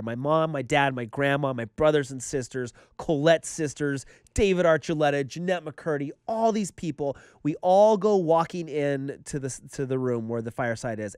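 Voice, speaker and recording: A man co-hosting a casual podcast chat, telling stories in an animated way and acting out what people said. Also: mid-range voice, clear, resonant tone, no echo, studio quality. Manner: animated storyteller, acts out quotes. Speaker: podcast co-host.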